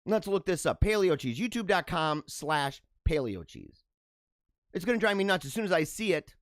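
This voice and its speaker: A man hosting a show, reading out news items and joking about them in loose, animated asides with frequent laughs. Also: sits high, normal speed, dry recording. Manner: animated, laughs and riffs between read-aloud headlines. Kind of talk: casual commentary on news items.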